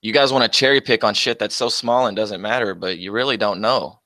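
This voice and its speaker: A young man with a low voice talks into a close, dry mic on his own livestream. He answers chat comments with combative, profane mockery and laughs frequently. The delivery is loose and casual, jabbing at viewers. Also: fairly quick, bright, forceful tone, no echo. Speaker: livestream host.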